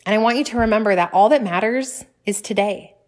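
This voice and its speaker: Chatty mom hosting a podcast. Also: female voice, mid-range voice, a little fast. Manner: enthusiastic, chatty, faith-filled encouragement. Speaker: podcast host and mother. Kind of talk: casual podcast monologue.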